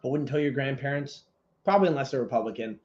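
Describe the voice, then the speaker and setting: A man's voice: medium pitch, lively intonation, fast, darkish tone, dull audio. A man co-hosting a casual podcast, telling stories in a rambling, profane way. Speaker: podcast co-host. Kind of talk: casual chat.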